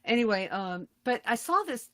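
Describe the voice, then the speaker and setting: Animated storytelling woman in her fifties. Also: moderate pace. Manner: animated, laughing storyteller with loud high outbursts. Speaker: podcast co-host. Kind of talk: casual storytelling chat.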